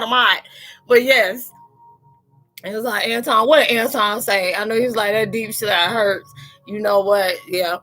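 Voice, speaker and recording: Bright-voiced woman chatting and laughing. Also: medium pitch, moderate pace, faint music behind. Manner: laughs often, tells animated stories, talks loosely and playfully. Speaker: live chat host. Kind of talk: casual live-stream chat.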